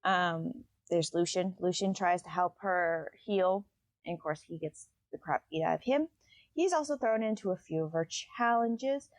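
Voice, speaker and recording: A woman's voice: lowish voice, moderate pace, dry recording. Woman podcast host, casual book recap, chatty and loose, dry close sound. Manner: chatty, loose, with many fillers.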